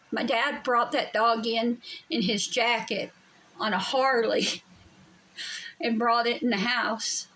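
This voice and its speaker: A woman's voice: a little high, a bit bright, rough recording. A woman telling a story to her viewers in a blunt, emphatic way from her home. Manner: blunt, emphatic, swears freely. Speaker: vlogger. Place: home during a storm.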